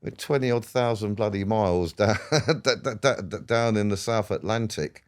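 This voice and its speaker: Guy in his 60s, really low voice, smooth, rambly and sweary, chatting on a podcast. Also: moderate pace. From England. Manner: rambling, swears freely, laughs while telling stories. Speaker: guest. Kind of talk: casual storytelling interview.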